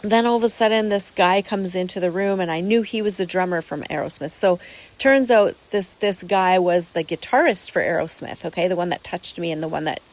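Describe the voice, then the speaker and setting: A woman's voice: fairly low pitch, fairly quick, low-quality recording. A woman hosting a podcast, telling a personal story casually in an earnest, rambling way, with many repeated words and restarts. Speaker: podcast host.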